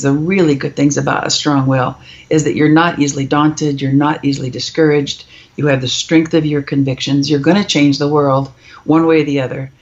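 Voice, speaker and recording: A woman's voice: deep voice, a little mellow, lo-fi sound. A middle-aged woman, a parenting author, speaking emphatically as a podcast guest and acting out quoted voices in her stories. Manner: emphatic, storytelling, acts out quoted kids and parents. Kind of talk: podcast interview.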